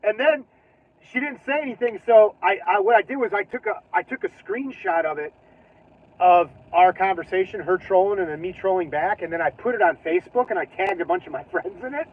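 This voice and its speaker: A man's voice: high voice, brisk. A man hosting his own channel, chatting casually and rambling from his car, laughing often and trailing off mid-sentence. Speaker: channel host. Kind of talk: casual driving vlog chat. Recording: tinny phone-like audio.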